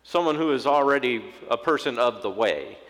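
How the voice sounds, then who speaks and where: A man delivers a sermon as a pastor, talking through it casually with wry asides. His voice sits at an ordinary middle pitch. Long reverb from a church hall trails behind him. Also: lively intonation, moderate pace, fairly bright tone. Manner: conversational preaching with asides and quoted inner voices.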